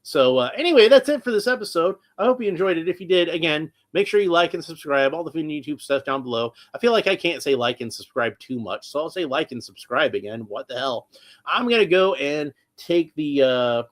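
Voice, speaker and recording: A man's voice: fairly high pitch, expressive, brisk. A man hosting a casual toy-collecting live stream, chatty and rambling, with many restarts and tangents.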